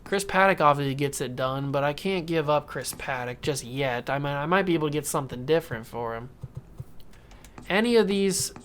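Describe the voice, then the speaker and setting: A man's voice: fairly high pitch, lively intonation, brisk, fairly bright tone, slight background noise. Guy doing laid-back gameplay commentary, mutters and pleads with the game. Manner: talks to himself and the game, coaxing and joking. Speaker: gaming YouTuber. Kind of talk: casual let's-play commentary.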